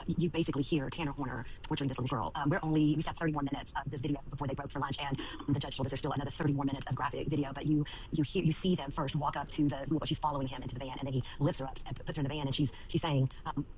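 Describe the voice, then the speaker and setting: A woman on a broadcast panel recapping courtroom testimony quickly, with many fillers. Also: low voice, steady tone, darkish tone, slight background noise, poor audio. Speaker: trial commentator.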